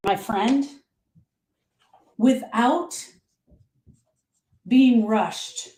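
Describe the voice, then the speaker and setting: Woman, grief specialist, live talk; emphatic and direct, repeats her points; higher, mellow voice. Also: normal speed. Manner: emphatic, repetitive, direct advice.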